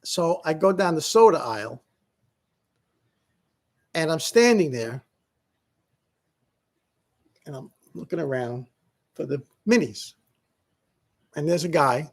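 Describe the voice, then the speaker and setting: A man's voice: on the high side, expressive, takes it slowly, pauses often. A middle-aged man vlogging in a casual, rambling, self-mocking way, laughing often as he talks. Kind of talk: casual vlog monologue.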